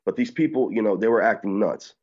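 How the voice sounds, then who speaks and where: A man with a low voice tells his story in a rapid rush of words and acts out other people's lines. The sound is dull and muffled, as if it came over a call. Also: darkish tone. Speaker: activist guest. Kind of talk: excited phone-in interview recounting.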